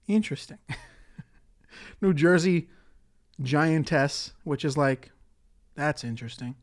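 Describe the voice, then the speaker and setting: A man's voice: on the high side, takes it slowly. A man hosting a solo podcast in a casual, rambling way, swearing and laughing often. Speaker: podcast host.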